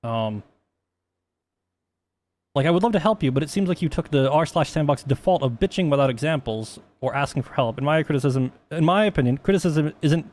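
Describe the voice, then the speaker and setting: A man's voice: a little high, expressive, a little fast, darkish tone. A man talking casually on a stream, rambling with many restarts and plenty of swearing.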